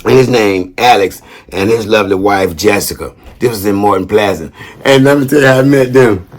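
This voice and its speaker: A man's voice: lowish voice, a little fast. A man casually talking to camera as a vlogger, upbeat and rambling, with lots of slang and a habit of tacking "man" onto his sentences. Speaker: vlogger shouting out veterans.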